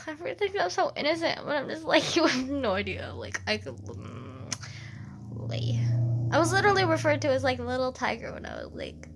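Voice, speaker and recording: A woman's voice: high voice, huge pitch swings, normal speed, gravelly, a crowd in the background. A woman vlogging, telling stories in a rambling, giggly way, full of "like" and fillers. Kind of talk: casual storytelling to camera.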